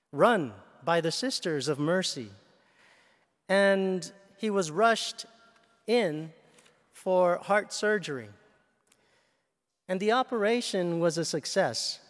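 A man preaching a sermon as a priest, slow and measured, telling a story as he goes. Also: sits high. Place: church. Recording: reverberant church hall. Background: long hall reverb.

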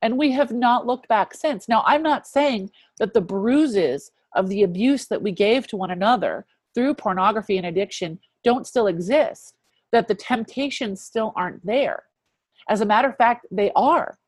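A woman in her fifties sharing a personal faith testimony as an interview guest, earnest and reflective, often dropping to a hushed voice. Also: medium pitch, lively intonation, moderate pace, no echo. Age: 50s.

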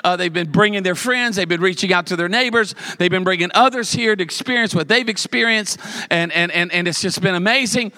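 A man's voice: high voice, a little fast, bright, forceful tone. A man preaching a sermon as pastor, telling a story with humor and building repeated emphatic lists.

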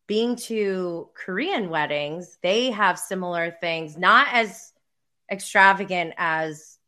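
A woman's voice: lowish voice, sharp tone. A young woman hosting a show, chatting casually and rambling through a TV recap with lots of fillers. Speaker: podcast host.

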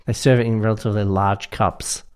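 A man from Australia, co-hosting a podcast and telling rambling, animated stories in casual chat. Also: fairly low pitch, brisk, clear, resonant tone. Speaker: podcast co-host.

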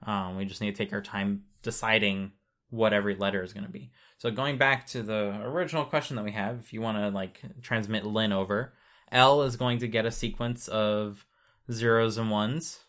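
A man's voice: medium pitch, a bit bright. A man casually explaining how data is sent over cables, patient and chatty, with many fillers.

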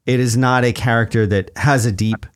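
A man's voice: medium pitch, fairly even intonation, moderate pace, clear, resonant tone. A man co-hosting a podcast, chatting casually and laughing easily. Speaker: podcast co-host.

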